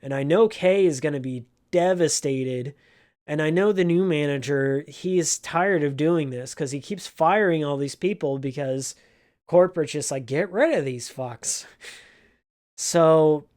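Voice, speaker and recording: A man's voice: on the high side, darkish tone. A man telling an emotional story from his old job in a casual vlog, in an earnest, heartfelt way. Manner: slow, earnest, emotional retelling. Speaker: vlogger, former game store clerk.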